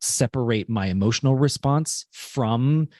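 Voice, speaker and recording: A man co-hosts a reflective podcast, speaking in a measured, halting way as he recalls his experiences. His voice sits at an ordinary pitch and sounds dry and close, with no room around it. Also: darkish tone, dry recording. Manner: measured, halting, frequent affirming murmurs.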